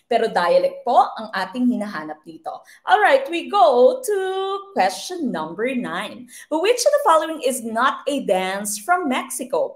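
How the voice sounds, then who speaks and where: Young filipino woman running an online review class, mixes english and tagalog, bright and lively, pitch a bit high. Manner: switches between English and Tagalog, polite with "po", lively and expressive. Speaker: exam review teacher.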